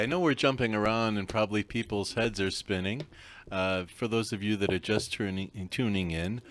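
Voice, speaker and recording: A man hosting a live radio interview, asking questions and giving short acknowledgements. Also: lowish voice. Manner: inquisitive, short backchannels. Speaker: radio host.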